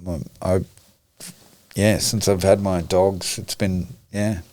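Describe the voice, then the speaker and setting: A frank middle-aged man speaking candidly as a podcast guest, his voice sitting low. He swears freely and speaks with raw emotion. The sound is dry and close. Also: level tone, slow pace, darkish tone, dry recording. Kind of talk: candid conversation.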